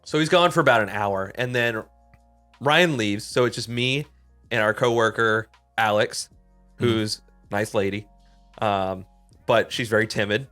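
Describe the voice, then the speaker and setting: A man, a podcast co-host, telling a story in casual, animated chat, full of swearing and fillers. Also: fairly low pitch, measured pace, faint music behind. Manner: animated, swears a lot, heavy use of "like".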